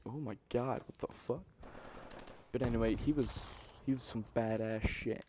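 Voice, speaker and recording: Profane young man, mellow tone. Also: mid-range voice, normal speed, slight background noise. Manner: profane, animated retelling with exasperated asides. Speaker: vlogger. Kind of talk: casual storytelling.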